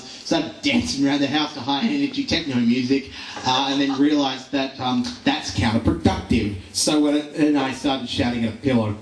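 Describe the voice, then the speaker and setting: Brief: young man, stand-up, rambling, self-mocking, roomy room, distant mic, faint hum. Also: medium pitch. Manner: rambling, self-deprecating, with many fillers and restarts. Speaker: stand-up comedian. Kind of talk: live stand-up set. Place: live comedy venue. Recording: roomy live venue recording from far off.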